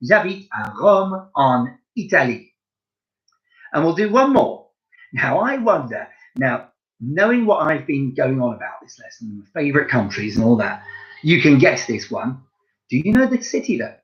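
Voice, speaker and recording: Lively man teaching young kids. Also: mid-range voice, moderate pace, dull audio. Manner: lively, encouraging, speaks directly to pupils. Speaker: primary school French teacher. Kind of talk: home-learning lesson for young children.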